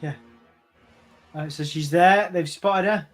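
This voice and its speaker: A man with a high voice co-hosts a casual watch-along of a TV series. He talks eagerly and thinks out loud, guessing at what the story will do next. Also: slow, soft background music. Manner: eager, speculating about the plot. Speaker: co-host reviewing a TV episode.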